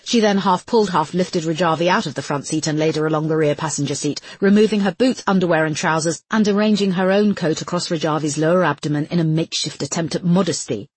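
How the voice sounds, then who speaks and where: A woman's voice: deep voice, fast talker, few pauses, a little mellow, breathy edge, dry recording. A woman reading an audiobook as its narrator in dramatic, scripted storytelling.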